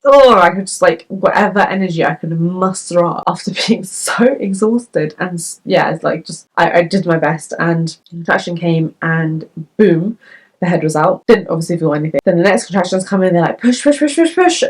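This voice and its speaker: A woman's voice: fairly low pitch, a little fast. A young woman vlogger telling her story to the camera in a candid, chatty way, full of fillers, from the United Kingdom. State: tearful.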